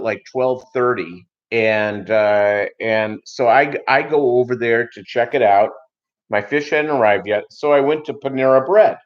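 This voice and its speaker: A middle-aged man hosting a fish-keeping livestream, chatting and telling stories in a rambling, joking way with lots of fillers. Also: medium pitch. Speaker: aquarium livestream host. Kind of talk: casual livestream chat and storytelling. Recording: slightly dull lo-fi stream audio.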